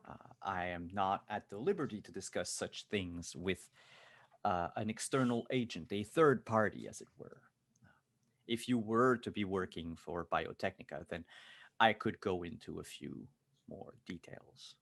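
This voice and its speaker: A man's voice: low voice, unhurried, vocal fry, a bit bright, exaggerated voice. A man voicing a nervous male corporate recruiter who stammers and hedges in a tabletop game. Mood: evasive nervous. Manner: stammering, hesitant.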